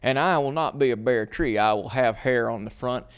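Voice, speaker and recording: A man's voice: medium pitch, moderate pace, clear, resonant tone. A young man giving a mock-pompous comic rant in a grandiose, preachy way, stumbling over words now and then.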